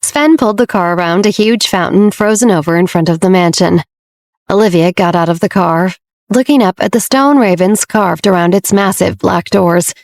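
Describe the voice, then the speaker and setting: A woman narrating a romance audiobook in a steady, measured storytelling manner, recorded close to the mic. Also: lowish voice, no echo. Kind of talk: scripted narration.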